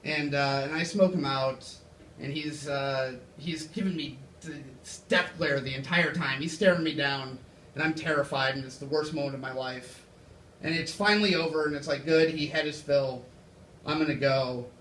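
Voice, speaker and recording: A man's voice: a little high, moderate pace, pushed and bright, a little hiss or hum. A young man performing a rambling, self-deprecating stand-up set on a club stage. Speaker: stand-up comedian. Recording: echoey club from far off. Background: audience laughter.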